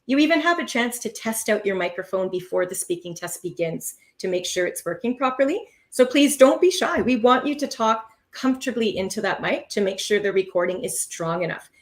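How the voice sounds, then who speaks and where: Expressive woman teaching a language test. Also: mid-range voice, a little fast, few pauses. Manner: expressive, stresses key words, explains patiently. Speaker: test preparation instructor. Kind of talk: live online teaching session.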